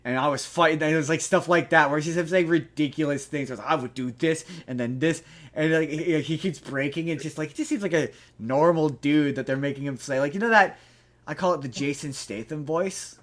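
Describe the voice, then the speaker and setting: A man's voice: a little high, fairly quick, a bit bright. A man hosting a podcast, chatting casually about a movie, rambling with many restarts and frequent swearing. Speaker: podcast host. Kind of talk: casual movie review chat.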